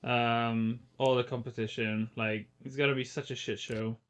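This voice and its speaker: A man's voice: medium pitch, flat delivery, moderate pace. A man co-hosting a casual podcast chat, rambling with fillers and restarts. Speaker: podcast co-host.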